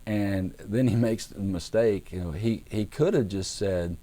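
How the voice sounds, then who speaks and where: Deep-voiced man telling a Bible story. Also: measured pace, slight background noise. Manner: conversational storytelling with acted-out voices; relaxed, with fillers and restarts. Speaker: pastor. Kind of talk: casual Bible teaching.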